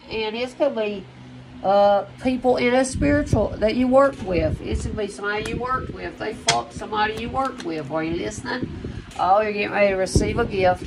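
A woman's voice: medium pitch, gravelly, background noise. A woman giving a casual spiritual card reading to her viewers, rambling and swearing as she talks straight at them. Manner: rambling and profane, addresses viewers directly.

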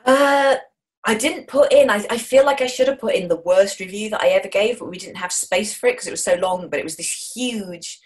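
A middle-aged English woman with a Midlands accent, talking enthusiastically and jokily as a guest in an interview. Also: medium pitch. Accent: Wolverhampton, English Midlands. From England. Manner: enthusiastic, jokey, quick to put on voices in anecdotes. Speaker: author and screenwriter guest. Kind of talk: animated interview talk.

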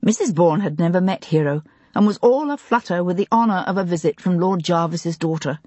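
A woman narrating an audiobook in a measured, expressive way. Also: lowish voice, no room sound, lo-fi sound. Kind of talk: scripted narration of a historical mystery.

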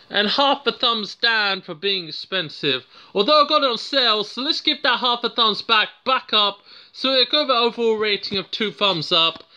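A man's voice: extremely high pitch, sharp tone, muffled recording. A man with a British accent giving a casual, unscripted product review, rambling and joking at his own expense. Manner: rambling, jokey and self-mocking.

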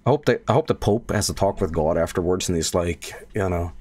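A man chatting to viewers on a live game stream, rambling and swearing, bursting into loud yelling at times. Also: sits low, fairly quick, no room sound. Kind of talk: live gameplay stream chat.

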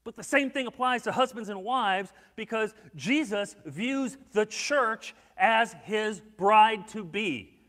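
A man preaching a sermon as pastor, telling stories with acted-out quotes and swinging between hushed and loud. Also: sits high, slow pace, long reverb tail. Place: church sanctuary.

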